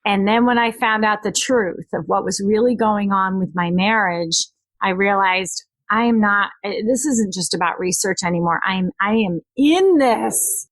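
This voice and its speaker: A woman coach talks through her own story in a relaxed interview, with plenty of ups and downs in how she tells it. She slips into quoted lines with small bits of acting. The sound is dry and close, with no room echo. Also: medium pitch, a little slow. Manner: animated storytelling, acts out quoted dialogue. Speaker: guest author and emotional detox coach.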